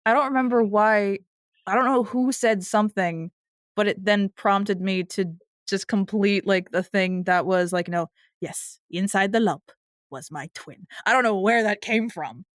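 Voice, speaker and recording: A woman's voice: normal speed, no room sound. A woman with a mid-range voice, chatting as a podcast co-host. She talks through film lines in a loose, chatty way. The sound is close and dry. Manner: chatty, quotes film lines in bursts of higher pitch. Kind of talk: casual chat.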